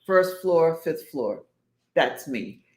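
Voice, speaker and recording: A woman's voice: deep voice, expressive, slow pace, a little mellow, roomy sound. An older woman, co-hosting a chat with her daughter, proper and protesting. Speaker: co-host, mother. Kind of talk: casual chat.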